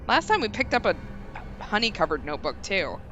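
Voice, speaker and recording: Woman game streamer, bright animated read, laughs a lot between lines. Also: medium pitch, brisk, faint music behind. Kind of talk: reading a game's story aloud.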